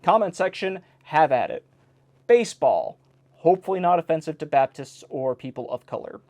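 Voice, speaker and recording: A man reads an old joke book aloud in a relaxed, casual way. His voice sits a little high and swings about animatedly. He keeps breaking off for wry remarks on each joke. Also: moderate pace. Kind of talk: casual reading aloud with commentary. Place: indoor home recording in South Carolina.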